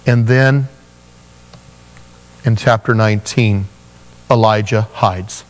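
A man preaching a sermon, telling Bible stories with animated voices for the characters. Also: lowish voice, slow pace, big-room sound. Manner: animated storytelling, acting out biblical figures in voices. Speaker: pastor.

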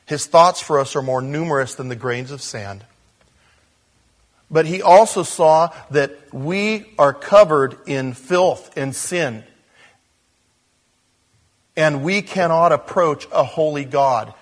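A man preaching a sermon, shifting between soft hushed moments and loud, animated storytelling. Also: fairly high pitch, takes it slowly, pauses often. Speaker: pastor.

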